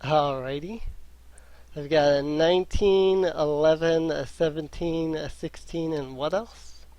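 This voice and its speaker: A man running a tabletop game as game master, pausing often with ums. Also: fairly high pitch, steady tone, darkish tone, dry recording. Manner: hesitant, many ums.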